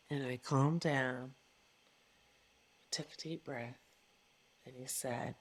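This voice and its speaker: A woman's voice: extremely low pitch, steady tone, takes it slowly, pauses often. A middle-aged woman, a coach, speaking as a guest in an interview with an earnest, emphatic manner and repeated phrases for stress. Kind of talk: reflective interview conversation.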